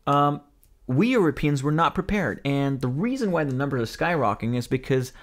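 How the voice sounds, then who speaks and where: A man's voice: on the high side, expressive, a little fast. A man hosting his own podcast, talking casually and directly to viewers with exasperated, sarcastic rhetorical questions. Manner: chatty, addresses viewers as guys. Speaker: podcast host. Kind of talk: casual spoken commentary.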